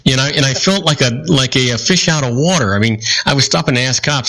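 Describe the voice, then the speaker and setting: A man's voice: mid-range voice, fast, few pauses, bright, forceful tone, poor audio. Man, native californian, storytelling, casual talk, chatty asides. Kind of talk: casual radio chat.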